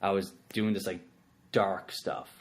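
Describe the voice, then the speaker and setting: Podcast host, young man, lowish voice, rambling and self-deprecating, casual chat. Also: flat delivery, a little slow. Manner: rambling, self-mocking, sings ringtone sounds and does bits.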